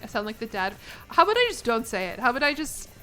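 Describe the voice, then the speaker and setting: A woman's voice: a little high, big pitch swings, fast, over music. A young American woman streaming a game, chatting casually with her viewers in a playful, rambling way. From United States. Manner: rambling, playful, laughs between lines.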